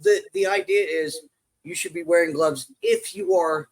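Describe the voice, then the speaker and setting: Rambling, high-voiced middle-aged man. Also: moderate pace, poor audio. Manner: rambling, jokey storyteller who acts out quoted voices. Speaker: podcast guest, construction safety worker. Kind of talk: casual storytelling chat.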